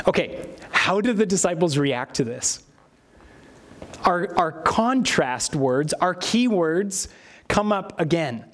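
Male pastor, higher voice, expressive sermon delivery that dramatizes the scripture he quotes. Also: takes it slowly.

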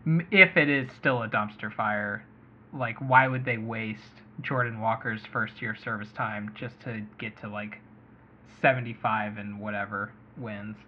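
A man's voice: on the low side, steady tone, unhurried, a little hiss or hum. Guy hosting a sports podcast, rambly and hedgy, kinda muffled lo-fi sound. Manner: chatty, thinks aloud and hedges. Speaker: fantasy baseball podcast host. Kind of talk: casual podcast chat. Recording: muffled lo-fi audio.

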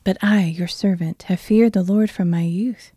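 A woman voicing a frightened male royal servant as she reads a Bible passage in an earnest, steady voice. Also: mid-range voice, moderate pace, husky, dry recording, clean studio sound, close to an everyday voice. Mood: fearful. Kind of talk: Bible reading.

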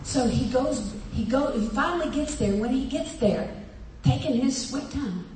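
A woman pastor preaching a sermon, telling the story with animated acted-out voices and frequent laughter. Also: high-pitched, moderate pace. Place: church hall with a congregation. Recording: echoey hall, voice from far off.

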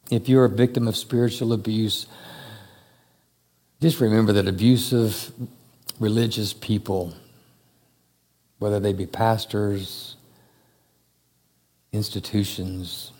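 A man preaching a sermon to a church congregation, speaking slowly and emphatically with long pauses. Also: lowish voice, fairly even intonation, warm tone, breathy edge. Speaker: pastor. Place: church hall. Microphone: handheld or stand mic.

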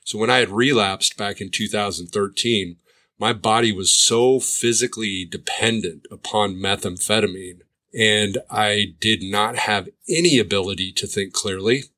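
A man's voice: fairly low pitch, normal speed, pushed and bright. A man who runs a treatment program, giving a pointed monologue full of sarcastic rhetorical questions. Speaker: addiction treatment provider. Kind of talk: commentary monologue.

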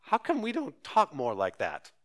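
A man's voice: fairly high pitch, huge pitch swings, normal speed. A man pastor preaching a sermon, earnest and urgent, pressing listeners with rhetorical questions.

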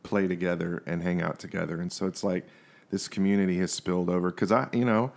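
Casting note: man with a very low, gravelly voice, thoughtful and conversational as a podcast guest. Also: fairly even intonation, brisk, darkish tone. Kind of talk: casual conversation.

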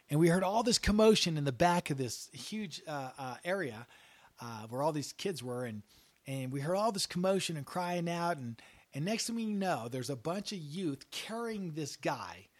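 A man's voice: fairly high pitch, no room sound. Earnest Christian radio host, man. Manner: earnest and encouraging, rising to exhortation. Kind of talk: Christian talk show, preaching and storytelling.

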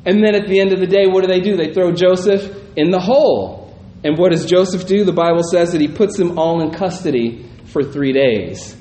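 Brief: high-pitched male pastor, casual Bible teaching, recorded in an echoey room. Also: normal speed, warm tone. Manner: reads scripture, then muses aloud with frequent "right?" asides. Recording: roomy echo, faint background noise.

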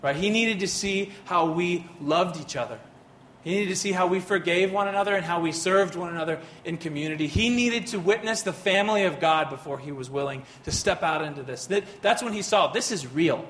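A man's voice: high voice, brisk, fairly bright tone, a little hiss or hum. A man giving a faith teaching talk, telling a personal story earnestly with many fillers and restarts.

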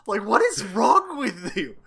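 A man co-hosting a podcast, animated and laughing often as he acts out characters' lines in casual chat. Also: high-pitched, unhurried, creaky, a crowd in the background. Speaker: podcast co-host. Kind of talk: casual chat, retelling a story.

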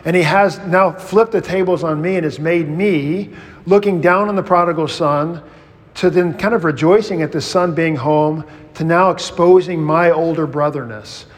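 Male pastor, Bible study teaching, fairly high voice, long hall reverb, animated and conversational. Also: moderate pace. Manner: conversational, animated retelling with restarts.

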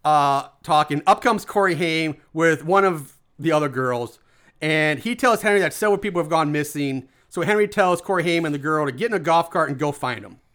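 A man with a high, bright voice chats his way through a movie recap. He laughs often and swears casually as he tells the plot like a story. It sounds like a relaxed podcast conversation. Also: brisk. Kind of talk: casual chat.

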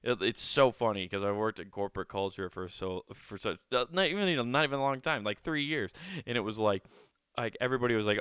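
Sarcastic joking podcast host, low and smooth. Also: male voice, fast, fairly bright tone, dry recording, clean studio sound. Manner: sarcastic and joking, laughs at his own bits, swears casually. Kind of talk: comedic podcast commentary.

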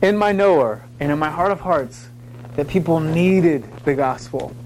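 A man's voice: fairly high pitch, moderate pace, a little mellow. Passionate male preacher, noisy background. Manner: passionate, builds to urgent raised pleading; casual asides and storytelling. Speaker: preacher teaching on evangelism. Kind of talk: sermon.

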